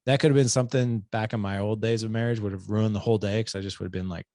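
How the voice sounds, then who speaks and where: A man hosting a podcast in casual conversation, animated as he acts out quoted dialogue. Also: fairly low pitch, rapid-fire, no room sound, studio quality. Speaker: podcast host.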